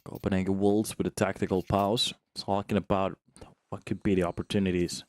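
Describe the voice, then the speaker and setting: A man's voice: low-pitched, level tone, brisk, a little mellow, no room sound. A man giving live play-by-play commentary on a competitive match, chatty and joking with viewers between calls. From Finland. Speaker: esports commentator.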